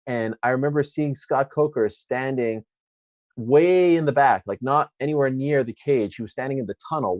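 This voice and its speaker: A man's voice: mid-range voice, dry recording. An American man in an interview tells a long story with energy, acting out the voices of people in it. His voice sits in a middle register. The sound is dry and a bit dull. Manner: animated storyteller acting out quotes.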